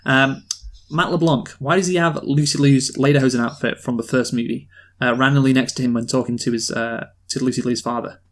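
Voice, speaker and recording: Man, middle pitch, podcast co-host, wry, casual. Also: fairly even intonation, a little fast. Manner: wry, leads the list of complaints. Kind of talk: casual chat.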